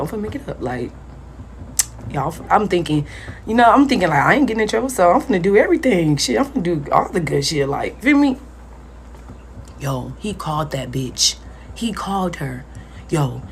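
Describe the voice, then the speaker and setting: A young woman with a husky, breathy voice tells a personal story into her phone. She talks casually and rambles, swears freely and keeps turning to her viewers, at a middling pitch. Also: a bit bright. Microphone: phone mic.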